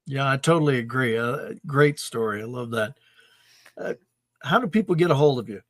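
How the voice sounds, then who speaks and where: A man hosting a podcast interview, speaking in a calm, affirming and reflective way. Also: medium pitch, moderate pace, no echo. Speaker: podcast host. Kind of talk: casual interview chat.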